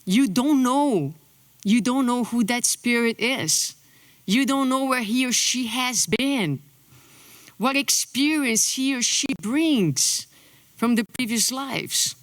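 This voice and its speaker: A middle-aged woman from Brazil, a native Portuguese speaker with a Brazilian accent, giving a conference lecture in an animated way. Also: on the high side, dry recording. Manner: animated, acts out quotes in a lifted voice.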